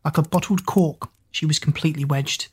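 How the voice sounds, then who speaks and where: A woman narrating an audiobook in a steady, expressive storytelling manner. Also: low voice, brisk, slightly rough.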